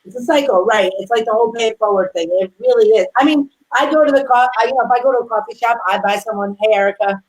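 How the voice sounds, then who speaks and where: A woman's voice: on the high side, quick pace, hardly any pauses, low-quality recording. Chatty woman chef telling stories. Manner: lively storyteller who acts out quotes. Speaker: guest chef. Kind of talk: casual interview chat.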